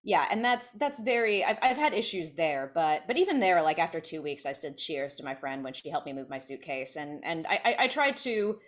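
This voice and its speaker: A California woman in her thirties with a low-pitched voice speaks very animatedly and a little fast, with few pauses, as a podcast guest. Her casual conversation is chatty and self-interrupting, with many restarts.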